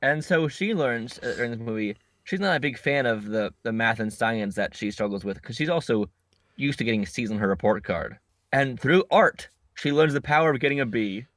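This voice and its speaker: A man chatting on a podcast about a film he just watched. He wanders and restarts mid-sentence, with a lively, swinging pitch. The sound is close and dry. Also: moderate pace, no room sound. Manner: rambling, self-correcting, joking. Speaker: podcast co-host. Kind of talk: casual chat recapping a movie. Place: podcast recording setup.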